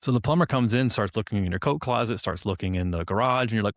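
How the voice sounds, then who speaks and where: Fast-talking low-voiced man telling a story. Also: no room sound, studio quality. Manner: storytelling, acting out both sides of the dialogue; informal, many "like" fillers and restarts. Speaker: podcast co-host. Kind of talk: casual podcast explanation.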